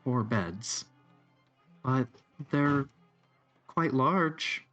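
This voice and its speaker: A man voicing a gentle, slightly awkward young innkeeper woman who is soft-spoken and courteous. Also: medium pitch, animated, extremely slow, dry recording, soft background music, voice pushed up. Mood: polite.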